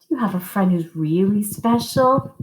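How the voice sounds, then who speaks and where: A woman music teacher telling a story to young children and leading simple call-and-response singing, encouraging and sing-song. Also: expressive. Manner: slow, sing-song and encouraging, modeling high and low notes for kids. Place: school music room. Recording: echoey classroom.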